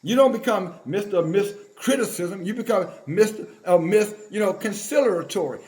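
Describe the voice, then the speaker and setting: A preacher with a notably high, slightly mellow voice delivers a scolding online sermon at a moderate pace with few pauses. He is emphatic and confrontational, stopping to read scripture aloud.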